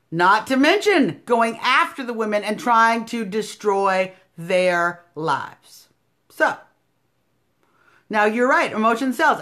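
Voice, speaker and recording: A woman in her thirties with an American accent, hosting a live stream and delivering opinionated commentary, combative and sarcastic, swinging from loud outbursts to low asides. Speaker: political live-stream host. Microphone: phone live stream.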